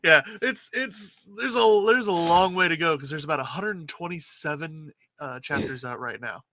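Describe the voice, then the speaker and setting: A man's voice: fairly high pitch, bright, forceful tone, dry recording. A man co-hosting a casual podcast, eager and reading news aloud. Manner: eager, reads news with drawn-out pauses. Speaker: podcast co-host.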